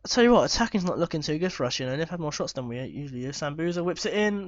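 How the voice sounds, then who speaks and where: A man commentating live on his football management game, excitable and swearing when chances are missed. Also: fairly high pitch, very fast, few pauses, no echo, muffled recording. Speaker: gaming YouTuber.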